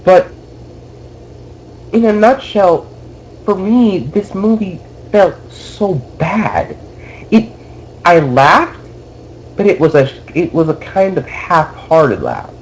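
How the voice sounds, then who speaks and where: A man's voice: sits high, very animated, slow pace, pauses often, a little hiss or hum, low-quality recording. A young man co-hosting a casual podcast, ranting about a bad movie with exasperated swearing. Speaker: podcast co-host.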